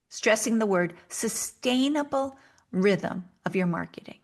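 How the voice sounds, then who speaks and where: A woman hosting a solo podcast, talking earnestly and directly to listeners with coaching advice, sometimes speeding up for quick acted asides. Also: medium pitch, animated. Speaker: podcast host.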